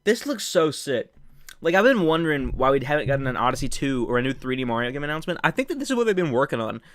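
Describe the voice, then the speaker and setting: A young man streaming live from home, reacting with loud excitement and laughter, with faint music behind. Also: on the high side, fast talker. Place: home room.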